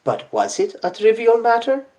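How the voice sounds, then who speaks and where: A reader putting on a fussy older male detective, precise and prying, who questions everyone closely. His voice sits higher than the narration and leaps about in pitch. The delivery is audiobook character work. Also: normal speed, lo-fi sound. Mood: probing. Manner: precise, probing, excitable.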